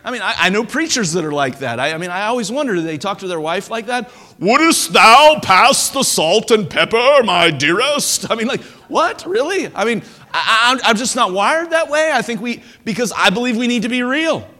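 Man preaching, high bright voice, lively swinging delivery, stammered restarts, long hall reverb. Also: fast talker, hardly any pauses. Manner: animated preaching with stammered restarts and playful impressions. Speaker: pastor. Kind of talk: sermon.

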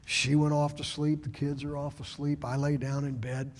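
A middle-aged man preaching a sermon as pastor, swinging from loud shouts down to hushed whispers. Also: fairly high pitch, level tone, moderate pace. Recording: long reverb of a large hall.

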